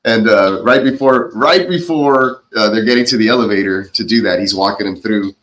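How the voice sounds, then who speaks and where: A man co-hosting a podcast, casually retelling a movie's plot in an animated way and often laughing. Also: on the low side, moderate pace, poor audio. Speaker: podcast co-host.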